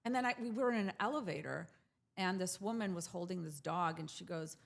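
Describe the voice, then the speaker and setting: A woman with a gravelly, creaky voice, telling the story of her business in a relaxed interview. She talks animatedly and slips into quoted voices of the people she met. She sounds like she is in her forties. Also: lowish voice, fairly quick. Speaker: jewelry brand founder, guest.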